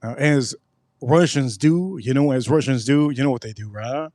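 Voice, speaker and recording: A man hosting a casual live tasting review, excitable and repeating himself for emphasis. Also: medium pitch, moderate pace, dry recording, clean studio sound. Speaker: spirits reviewer host.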